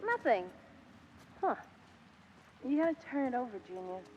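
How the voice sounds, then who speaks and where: A woman's voice: high-pitched, very animated, moderate pace, dull audio, a little hiss or hum. Women voicing wisecracking teenage girls in a video game's dialogue, trading playful, teasing banter.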